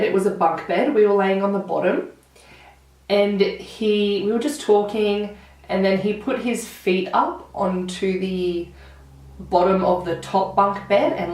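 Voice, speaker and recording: This chatty Australian beauty vlogger talks in a mid-range voice while she does her makeup. Her get-ready-with-me storytelling is animated and full of "like", and the distant mic gives the sound a roomy feel.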